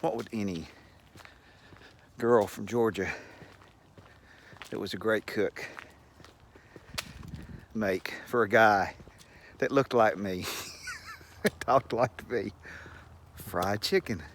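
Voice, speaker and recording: This channel host has a lowish, animated voice and a slow delivery broken by frequent pauses. He tells the camera a meandering, folksy tale with chuckles throughout, filmed at home over a faint hum.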